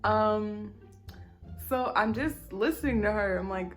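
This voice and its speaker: A young woman vlogger telling a story in a casual, animated way, swearing freely and breaking into quick asides and laughs. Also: mid-range voice, soft background music.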